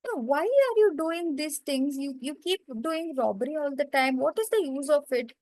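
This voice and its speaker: A woman voicing a calm male sage who gently scolds a robber. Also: high voice, moderate pace, no echo, natural voice, low-quality recording. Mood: admonishing. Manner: gentle, admonishing.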